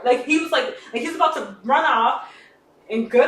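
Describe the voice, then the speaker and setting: Animated woman in an echoey room. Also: brisk. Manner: animated, acts out characters' lines with swings in pitch and loudness. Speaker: podcast co-host. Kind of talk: casual chat, retelling a story. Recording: echoey room, distant mic, faint background noise.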